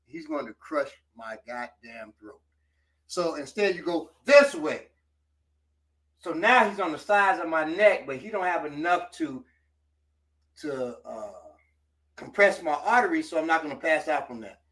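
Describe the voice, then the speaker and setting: A man's voice: fairly high pitch, animated, a little slow, a bit bright, far from the mic. A man teaching self-defense, talking casually and coaching while he demonstrates moves.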